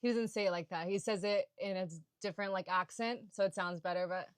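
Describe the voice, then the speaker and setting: A woman's voice: medium pitch, fairly even intonation, a little fast, clean tone, no echo. A young adult woman leading a live yoga sculpt workout, chatting and gushing between cues with lots of "like". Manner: rambling, gushing, heavy use of "like".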